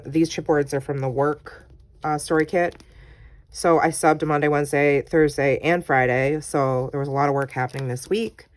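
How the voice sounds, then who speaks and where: A woman vlogger casually walking through her scrapbook pages, chatty and full of ums, reading her own journaling aloud. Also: low voice. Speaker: crafting vlogger.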